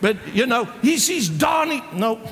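A man preaching a sermon with passion, breaking into shouts and acting out the people in his story. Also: very high voice, big pitch swings, measured pace. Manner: impassioned, exclaims and voices the characters. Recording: long hall reverb.

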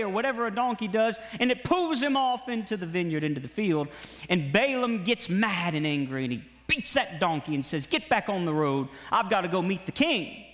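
A male preacher delivers an animated sermon in a high voice, mixing storytelling with urgent exhortation. A long reverb from a large hall hangs behind every line. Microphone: broadcast to online viewers.

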